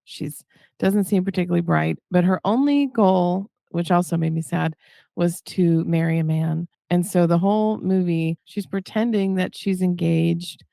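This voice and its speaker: A woman co-hosting a podcast in casual chat, wry and quick to joke. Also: on the low side, creaky, dark tone, no room sound, studio quality. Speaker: podcast co-host.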